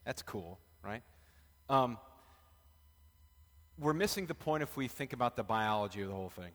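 Joking pastor in a reverberant hall. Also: male voice, mid-range voice, animated, moderate pace, a bit bright. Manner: chatty, joking, talks with the group. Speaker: pastor leading a Bible study. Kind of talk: casual Bible study teaching. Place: church room with a live group. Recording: long reverb of a large room.

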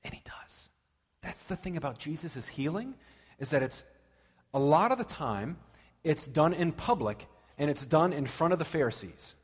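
A man preaching a sermon, telling stories with dramatic pauses and lively emphasis. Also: a little high, slightly rough. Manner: animated storytelling with dramatic pauses. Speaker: pastor. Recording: long reverb of a large hall.

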